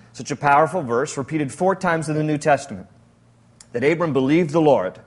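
Male pastor with a high voice, animated, jokey sermon delivery. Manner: animated, jokey preaching with frequent laughs.

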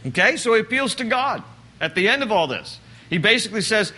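A man's voice: high-pitched, very animated, fairly quick, bright, forceful tone. A man preaching a sermon, talking through scripture in a conversational, joking way and acting out quoted lines. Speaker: pastor.

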